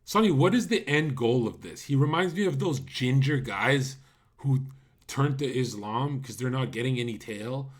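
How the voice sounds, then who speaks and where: A man's voice: mid-range voice, animated, moderate pace. A man live-streaming casual commentary, talking bluntly to his chat with profanity and incredulous rhetorical questions.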